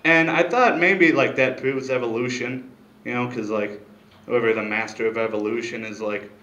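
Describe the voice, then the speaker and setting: A man doing a stand-up comedy set, rambling with deadpan asides into a handheld mic on a small club stage. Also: mid-range voice, normal speed, reverberant, low-quality recording.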